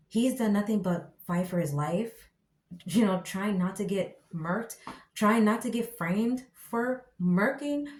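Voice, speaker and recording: A woman reviewing a TV show in casual commentary, ranting in an exasperated, slangy and animated way. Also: mid-range voice. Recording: echoey room.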